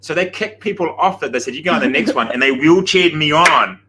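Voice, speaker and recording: A man, chatting casually and telling a rambling, animated anecdote on a breakfast show. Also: a little high, a little fast, a little hiss or hum, low-quality recording. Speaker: gym coach on breakfast show. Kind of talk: casual storytelling banter.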